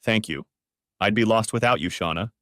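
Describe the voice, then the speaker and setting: A man's voice: fairly low pitch, moderate pace, fairly bright tone, no echo, clean studio sound, close to an everyday voice. A man voicing a betrayed businessman husband who talks in angry, clipped, cursing bursts. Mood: weary.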